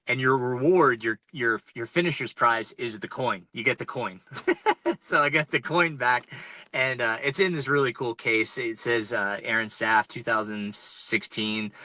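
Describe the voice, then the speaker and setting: A man in his forties from North Carolina, an ultrarunner telling race stories on a podcast in casual, animated fashion with lots of fillers and restarts, calling in from inside a truck. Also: mid-range voice, no echo, rough recording. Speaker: ultrarunner guest. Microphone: remote call-in.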